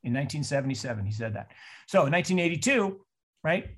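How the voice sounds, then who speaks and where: A man in his sixties from Seattle, giving an animated talk on a call and telling stories in mock voices. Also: on the high side, fast. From Seattle, USA. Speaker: investor speaker. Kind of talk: presentation on a call.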